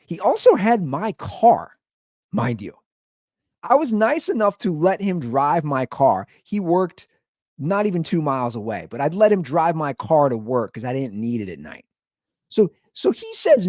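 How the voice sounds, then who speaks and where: A man's voice: a little high, very animated, measured pace, darkish tone, dry recording, clean studio sound. A man hosting a comedy podcast, telling a story and acting out both sides of the argument.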